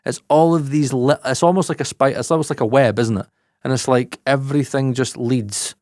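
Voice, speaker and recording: A Scottish man co-hosting a podcast about audio engineering, talking excitedly and swearing freely. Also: a little fast, dry recording, clean studio sound. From Scotland. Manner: excitable, swears freely, jumps pitch in animated asides. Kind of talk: casual podcast chat.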